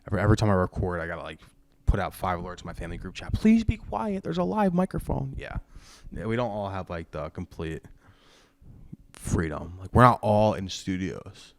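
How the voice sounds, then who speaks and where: A man's voice: low voice, brisk. A young man hosting a podcast, chatting loosely and jokily about sports into a microphone at home. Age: young adult. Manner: loose, rambling, jokey. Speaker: podcast host. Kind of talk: casual sports chat. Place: room at home. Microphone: studio microphone.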